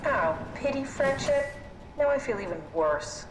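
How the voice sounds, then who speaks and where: A woman's voice: high-pitched, lively intonation, unhurried. An actress voicing a wry, self-deprecating female AI guide in a video game, recorded with a roomy echo under gameplay noise. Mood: wistful. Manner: dry, self-deprecating, matter-of-fact.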